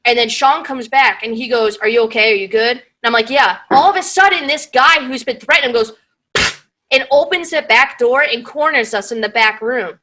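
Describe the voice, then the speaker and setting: A young woman co-hosting a podcast over a video call, telling a work story in animated, swearing casual chat and acting out the quotes. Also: high-pitched, moderate pace, rough recording. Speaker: podcast co-host. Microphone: video call mic.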